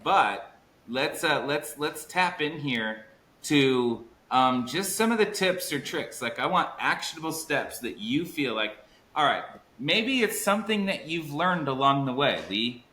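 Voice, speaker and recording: A man's voice: a little high, animated, measured pace, pushed and bright, roomy sound, a little hiss or hum, low-quality recording. A man hosting a sales podcast in an upbeat, hype-building way, stretching out key words for emphasis. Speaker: podcast host. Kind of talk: energetic podcast chat.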